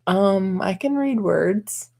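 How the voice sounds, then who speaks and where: Slow, giggly woman with a creaky voice. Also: medium pitch, expressive, a little mellow. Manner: giggly, playful banter. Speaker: co-host. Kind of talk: casual live-stream radio chat.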